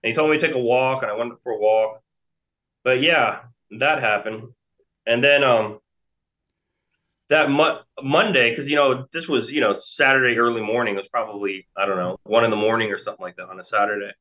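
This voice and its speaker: On a dull lo-fi recording, a man in his forties from America rambles through a long story as an interview guest, with lots of fillers and restarts. His mid-range voice is pushed and bright, and he talks fairly quickly.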